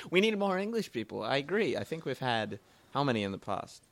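A man's voice: mid-range voice, big pitch swings, fairly quick, creaky, a bit bright. A man hosting a live podcast in casual chat, rambling with many fillers. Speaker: podcast host. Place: bookstore, live event.

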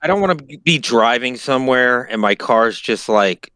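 Florida guy, bright edgy voice, rambling casual storyteller. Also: medium pitch, animated, moderate pace, no room sound. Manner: rambling storyteller, swears, laughs mid-sentence. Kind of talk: casual chat.

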